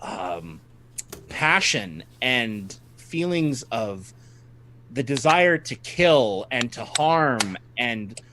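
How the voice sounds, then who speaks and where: A man's voice: mid-range voice, big pitch swings, drawn-out words, sharp tone, a little hiss or hum. A man running a tabletop game as game master, narrating the scene to his players and laughing often.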